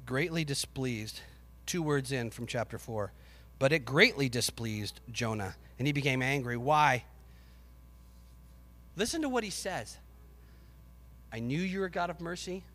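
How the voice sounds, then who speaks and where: A man preaching a sermon with passion, rising to shouts and acting out the voices of biblical figures. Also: mid-range voice, expressive, a little slow, long pauses, big-room sound.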